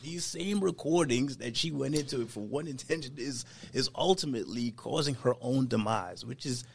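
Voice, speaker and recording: A man in a casual chat, thinking things through out loud with many fillers. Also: mid-range voice, normal speed, vocal fry, slight background noise.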